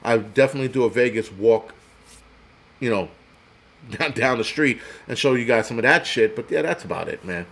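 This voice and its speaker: A man's voice: medium pitch, lively intonation, moderate pace, creaky, a bit bright. A man hosting a livestream, ranting bluntly and profanely with lots of fillers. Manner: blunt, profane, swaggering rant with many fillers. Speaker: host.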